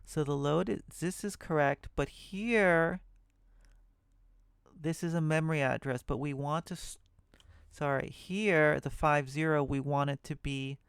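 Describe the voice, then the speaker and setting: A male programming tutor with a somewhat high, creaky yet clear and resonant voice walks through assembly code in a screen recording. He thinks aloud, catches and corrects himself, and mutters asides. The audio is studio quality with no room sound.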